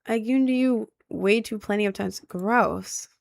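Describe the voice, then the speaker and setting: A woman's voice: mid-range voice, normal speed, vocal fry, no room sound. Rambling young woman streamer, dry sound. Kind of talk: casual chat with viewers.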